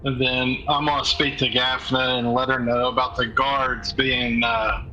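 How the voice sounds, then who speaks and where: Bright-voiced man, game player. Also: mid-range voice, little pitch movement, measured pace, muffled recording, a little hiss or hum. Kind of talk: tabletop game table talk.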